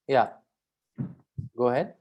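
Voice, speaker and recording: A guest speaker leads an online interactive session for students, talking conversationally, posing questions to the audience and often tacking on "right?" His voice is slow and a little mellow, with a lo-fi sound.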